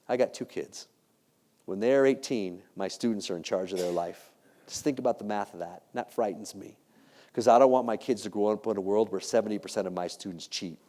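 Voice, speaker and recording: A middle-aged man giving a motivational keynote speech to a live audience, animated and jokey, often laughing at his own stories. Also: fairly low pitch. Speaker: keynote speaker.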